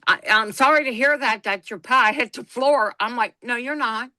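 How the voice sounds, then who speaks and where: Woman, bright, close and dry sound, blunt, folksy storyteller. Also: a little high, moderate pace, no echo. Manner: folksy, blunt, laughs through her stories. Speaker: podcast co-host. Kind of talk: casual storytelling chat.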